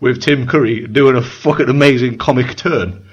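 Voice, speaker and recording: A man co-hosting a casual chat over a video call, sweary and excitable, often repeating himself. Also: mid-range voice, moderate pace, slightly rough, muffled recording. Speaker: podcast co-host.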